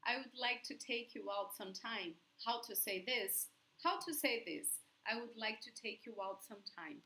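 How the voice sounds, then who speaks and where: A young adult woman with a Brazilian Portuguese accent, a native Portuguese speaker giving a language lesson in a slow, careful way and laughing often. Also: fairly high pitch, lively intonation, sharp tone, low-quality recording. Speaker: language teacher.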